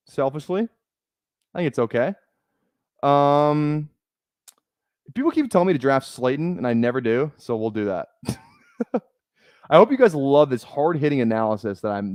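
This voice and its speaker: A man's voice: mid-range voice, a little mellow, dry recording, studio quality. A young man from Minnesota chatting casually on a live stream, rambling and joking with many restarts. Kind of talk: casual live-stream chat while drafting.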